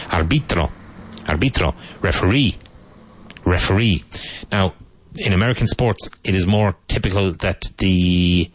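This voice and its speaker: A man teaching English vocabulary to Spanish speakers, repeating each word slowly and explaining its pronunciation. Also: low-pitched, dry recording.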